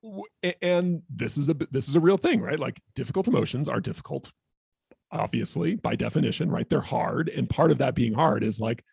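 A man's voice: mid-range voice, animated, brisk, vocal fry, a little mellow, breathy edge, no echo, clean studio sound. A man co-hosting a podcast as a therapist, explaining ideas in a thoughtful, casual way with many fillers. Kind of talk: casual conversation.

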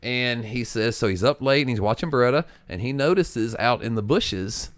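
A man's voice: mid-range voice, expressive, normal speed, no room sound. A man co-hosting a podcast, telling a long story in a rambling way with many restarts. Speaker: podcast co-host. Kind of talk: casual storytelling.

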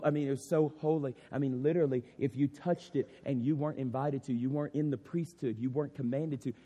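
A man's voice: medium pitch, warm tone. Impassioned preacher man in echoing hall. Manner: impassioned, repeats "I mean" and "literally". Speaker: pastor. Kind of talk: sermon. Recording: long hall reverb.

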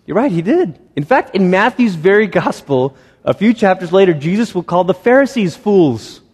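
A man preaching a sermon in a relaxed, conversational way, with a slightly high voice. He slips into little acted-out voices as he goes. His words ring with the long reverb of a large church hall. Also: normal speed, slightly rough. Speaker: pastor.

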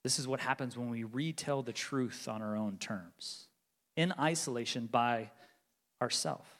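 A man preaching a sermon as pastor, earnest, rising to emphatic bursts and dropping low. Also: unhurried, a bit bright. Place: church sanctuary. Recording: long hall reverb.

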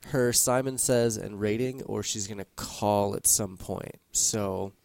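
A man's voice: on the low side, creaky, no room sound. A man hosting a podcast, chatting casually and laughing easily. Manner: animated, quick to laugh. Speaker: podcast host. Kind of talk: casual chat.

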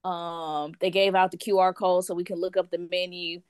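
A woman in a casual chat, telling a story in an animated way and acting out what other people said. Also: fairly low pitch, normal speed, smooth, no echo. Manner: animated, acts out quotes of others. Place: lives in France.

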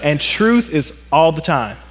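Guy preaching a sermon in a church, kinda high voice, long hall echo, acts out little stories. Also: sing-song, slow pace, husky. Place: church sanctuary.

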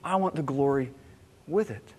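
A man delivers a sermon in a fairly high voice, earnestly probing his own motives through rhetorical questions. His words ring out with a long reverb, as if filling a large church sanctuary. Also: moderate pace, husky. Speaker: pastor.

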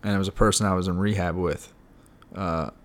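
A man's voice: low voice, fairly even intonation, fairly quick. A young adult man frankly telling his personal story in a casual, unscripted way, with frequent fillers and the odd swear word. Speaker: podcast guest sharing his recovery story.

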